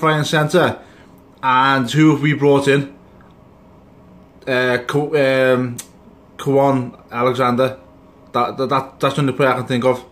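Fairly high and a bit bright, this man's voice carries an angry, rambling rant about his football team. He's a sports fan vlogger swearing his way through a reaction video.

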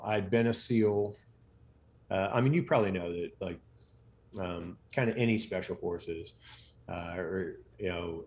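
A man's voice: sits low, a little mellow, slight background noise. A middle-aged American man, a physician guest in an interview, telling stories casually with lots of fillers and restarts. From United States. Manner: rambling, many fillers and restarts.

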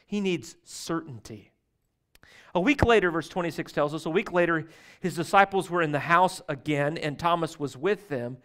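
A man pastor with a drawl preaches in a church sanctuary. His voice sits somewhat high for a man. He tells stories in an easy, folksy way and keeps swinging between loud and quiet. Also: expressive, moderate pace. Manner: conversational, folksy storytelling with shifts in loudness. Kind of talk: sermon.

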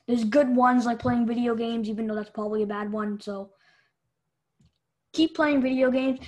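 High-voiced woman rambling through a joke vlog. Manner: rambling and playful, often losing track and repeating words. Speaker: host of a joke therapy show. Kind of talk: casual comedic vlog monologue.

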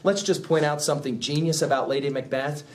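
Animated high-voiced male teacher. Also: a little fast, a little hiss or hum. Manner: animated, emphatic, chuckling asides. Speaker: literature teacher. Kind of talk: classroom lecture.

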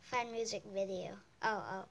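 A woman's voice: mid-range voice, fairly even intonation, measured pace, gravelly, slight background noise. A woman giving casual reaction commentary on videos, exclaiming with surprise as she watches. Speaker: YouTuber.

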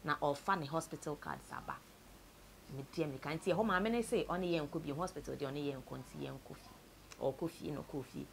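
Soft-spoken Ghanaian woman telling a sad story. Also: moderate pace, gravelly, slight background noise. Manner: tells a sad story, switches between Twi and English, voice sinks low and soft. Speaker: interviewee. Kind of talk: personal story told to camera.

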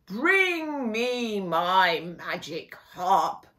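A woman voicing a greedy, bossy giant in a fairy tale, who gives orders slowly and loudly. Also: medium pitch, very animated, exaggerated voice. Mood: commanding.

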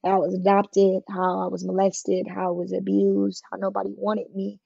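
A woman sits for an interview and tells her story in a husky voice, plainly and with emphasis, slipping into the voices of people she quotes. The sound is dull and dry, like a lo-fi recording. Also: medium pitch, monotone, moderate pace, mellow, no echo. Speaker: guest telling her life story. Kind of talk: candid conversational storytelling.

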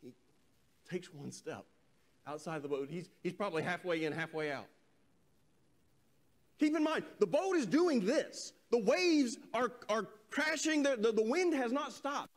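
A male preacher giving a sermon, telling a scripture story with animated delivery and reading verses slowly and solemnly. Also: high-pitched. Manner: animated storytelling, voices quoted characters.

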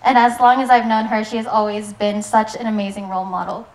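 A woman's voice: a little high, fairly even intonation, fairly quick, a little mellow, rough recording. A young woman, the maid of honor, giving an earnest, prepared wedding speech that sounds a little nervous.

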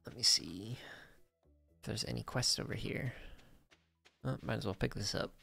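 A man with a very low, gravelly voice chats loosely while he plays, half talking to himself as he potters through a game. Faint music runs underneath. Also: normal speed. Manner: relaxed, talks to himself while playing. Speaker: streamer. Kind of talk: casual gaming stream chat.

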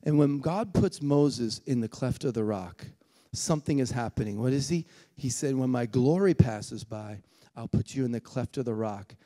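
A man preaching a sermon in a church, telling a funny story with lively, animated delivery. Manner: animated, jumps high when acting out his excited self. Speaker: guest preacher. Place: church sanctuary.

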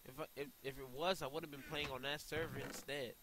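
A young man giving excitable live commentary over his own gameplay, often yelping and laughing. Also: mid-range voice, fast, noisy background. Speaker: gaming YouTuber.

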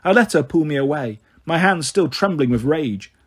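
A man reading an audiobook aloud as a first-person narrator, steady storytelling. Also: fairly high pitch, normal speed, slightly rough. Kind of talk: scripted narration.

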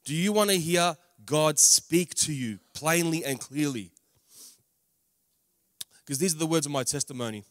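A man giving a spoken testimony sermon, with humorous asides and big swings in loudness on emphatic words. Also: on the high side, a little slow, long pauses, no room sound, clean studio sound. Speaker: preacher. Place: large camp meeting venue.

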